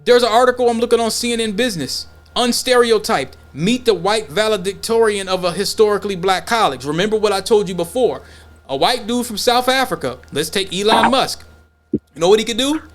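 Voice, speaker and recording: A man's voice: sits high, brisk. A man co-hosting a podcast in casual opinion talk, blunt and profane, acting out imagined dialogues as he goes. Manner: animated, acts out imagined dialogues. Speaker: podcast co-host.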